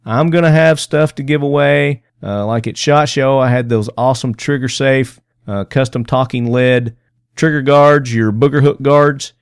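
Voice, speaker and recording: A man's voice: medium pitch, fairly even intonation, normal speed, smooth, no room sound, clean studio sound. A man hosting a podcast, talking loosely and jokily with lots of fillers, recording at a busy convention booth. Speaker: podcast host. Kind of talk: casual podcast chat. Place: convention booth on a show floor.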